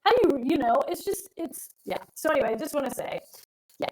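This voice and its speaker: A woman's voice: high voice, lively intonation, quick pace, darkish tone, poor audio. A middle-aged woman co-hosting an astrology live stream, talking in a chatty, rambling, emphatic way. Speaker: astrologer co-host. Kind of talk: casual live-stream chat.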